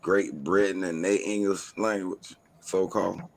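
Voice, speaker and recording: A man with a very deep voice talks in a musing, questioning way. He thinks things through out loud as a panelist in a relaxed group discussion. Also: measured pace.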